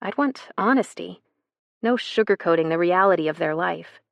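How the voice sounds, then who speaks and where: A woman reading a first-person romance novel in a soft, intimate way, as scripted narration. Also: lowish voice, expressive, normal speed, vocal fry, dry recording. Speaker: audiobook narrator.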